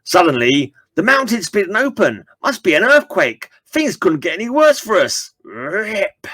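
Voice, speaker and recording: A man's voice: high voice, very animated, moderate pace, pushed and bright, dry recording. A man reading an old comic book aloud and dropping chatty asides to his viewers. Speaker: comic book reader and channel host.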